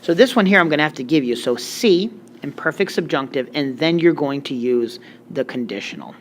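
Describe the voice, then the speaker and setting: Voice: medium pitch, animated, a little fast, a little hiss or hum. A Spanish teacher giving a recorded grammar lecture, explaining step by step with joking asides.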